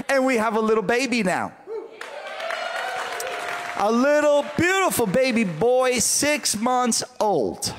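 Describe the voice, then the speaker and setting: A man preaching a revival sermon, telling a story in a lively way and building to shouted fervor. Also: sits high, in a large hall. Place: large church auditorium.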